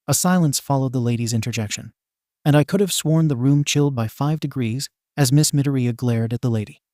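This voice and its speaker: A man narrating a fan fiction story in an even, steady storytelling manner. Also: mid-range voice, brisk, dry recording, studio quality. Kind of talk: reading fan fiction aloud.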